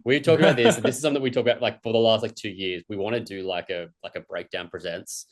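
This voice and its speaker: A young Australian man hosting a podcast interview, chatting in a relaxed way with plenty of "like" fillers. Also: lowish voice, fast talker. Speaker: podcast host. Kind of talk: casual interview chat.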